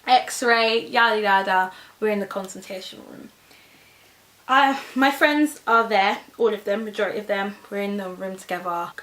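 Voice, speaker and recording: A young woman telling a storytime vlog, animated and acting out the voices of everyone in the story. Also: mid-range voice, normal speed, poor audio. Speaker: vlogger.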